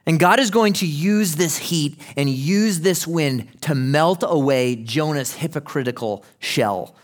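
A man's voice: on the high side, a little slow. Emphatic male preacher. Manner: emphatic, swings from hushed to loud; rhetorical questions to the listener. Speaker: pastor. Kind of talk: sermon.

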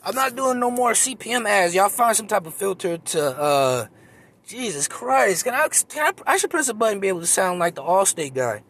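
Male comedian, casual phone monologue outdoors, high-pitched, rambling and profane. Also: big pitch swings, a little fast, fairly bright tone, breathy edge. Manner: rambling, profane, self-mocking. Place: outdoors in a park.

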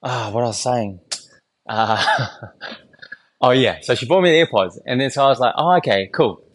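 In a small home podcast studio, a young man with a medium-pitched, expressive voice tells a story at a moderate pace on his solo show. He's loose and candid, rambling casually, swearing often and laughing between thoughts.

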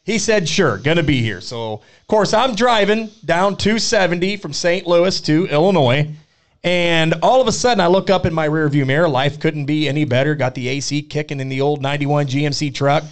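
A man hosting a podcast, telling a rambling story in an animated, casual way. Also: fairly high pitch, moderate pace. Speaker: podcast co-host.

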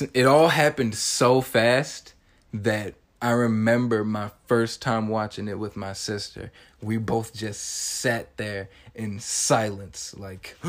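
A man in his twenties, hosting a podcast, retelling a movie scene in an animated, casual way and acting out the characters' lines in quick bursts. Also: lowish voice. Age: 20s. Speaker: podcast host.

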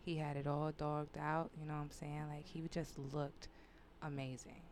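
A woman's voice: low-pitched, level tone, moderate pace, a little mellow, slight background noise. A woman hosting a podcast, chatting casually and telling candid, profane stories. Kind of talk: casual chat.

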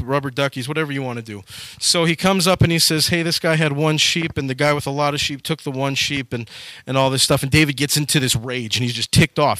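Animated young preacher, bright voice. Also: male voice, medium pitch, no room sound. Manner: animated, acts out quoted characters with sudden loud jumps. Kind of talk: casual sermon retelling Bible stories.

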